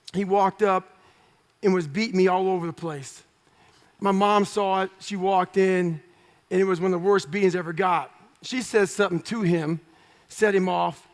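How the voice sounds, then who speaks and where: A man telling his story in a blunt, profane, punchy way as an interview guest before a live audience. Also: high voice. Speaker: guest speaker.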